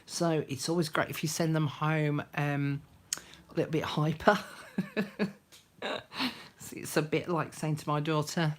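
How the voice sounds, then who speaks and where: Low-voiced older woman chatting. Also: fairly even intonation, measured pace, pauses often. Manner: chatty, greets viewers by name, drops to soft murmurs while working. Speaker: craft live-stream host. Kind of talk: casual live-stream chat while crafting.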